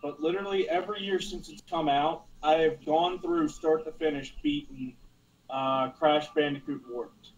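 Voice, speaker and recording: A man's voice: fairly high pitch, fairly even intonation, normal speed, muffled recording. A young man chatting easily in a casual group podcast.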